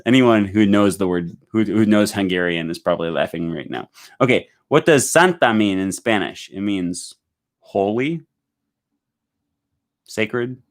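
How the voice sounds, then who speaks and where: Hosting a laid-back livestream at home, a man with a fairly low pitch reads out what viewers write and chats about it. He wanders from point to point, using lots of fillers.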